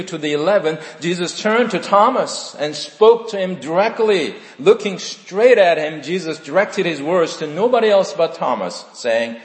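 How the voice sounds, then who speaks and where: A male pastor, preaching a sermon in slow, emphatic phrases with dramatic pauses, in a church. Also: sits high, animated. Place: church sanctuary. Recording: echoey hall with long reverb.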